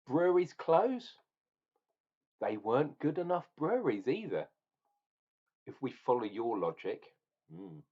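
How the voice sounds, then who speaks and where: A man's voice: a little high, very animated, unhurried, pauses often, dull audio. A man ranting and tasting beer in a casual review vlog, opinionated and swearing now and then.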